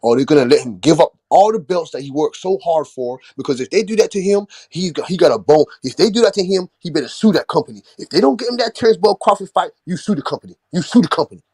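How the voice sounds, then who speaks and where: A man with a fairly high voice, loudly arguing boxing in casual banter and hammering his points by saying them again and again. The sound is dry and close, with almost no room around him. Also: expressive, fast, few pauses, slightly rough, no room sound. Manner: loud, teasing, repeats himself for emphasis. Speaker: boxing podcast panelist. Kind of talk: heated casual debate.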